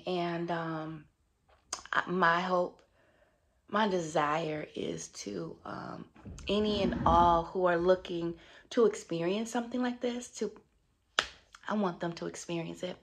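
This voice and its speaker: Chatty woman with a gravelly voice. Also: fairly low pitch, slow pace. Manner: warm, chatty and upbeat, with many fillers. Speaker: wellness vlogger. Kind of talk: casual motivational vlog.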